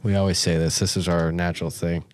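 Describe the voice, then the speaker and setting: A man's voice: low-pitched, flat delivery, fast talker, darkish tone, slight background noise. A man co-hosting a church talk show, chatting casually about faith with many fillers and frequent laughs.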